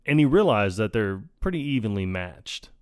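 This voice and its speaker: A man's voice: fairly low pitch, big pitch swings, normal speed, darkish tone, clean tone, dry recording, studio quality. A man co-hosting a podcast, chatting casually about a film and laughing often as he retells scenes. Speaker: podcast co-host.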